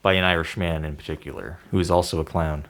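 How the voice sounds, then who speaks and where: A man co-hosting a podcast in casual chat, making crude jokes in a deadpan way. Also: deep voice, quick pace. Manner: joking, crude deadpan asides. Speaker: podcast co-host.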